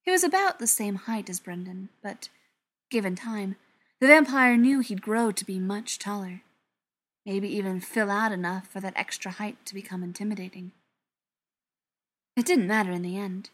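Female audiobook narrator: mid pitch, expressive scripted storytelling, occasional near-whispers. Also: normal speed.

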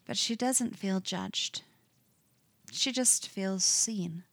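Slow, intimate female story narrator. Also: mid-range voice, vocal fry, fairly bright tone, no echo. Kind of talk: reading fan fiction aloud.

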